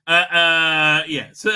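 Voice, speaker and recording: A man's voice: fairly high pitch, sharp tone. A middle-aged man hosting a casual livestream, rambling through viewer comments with many fillers and restarts and an irreverent edge. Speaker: livestream host. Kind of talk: casual live chat reading viewer comments.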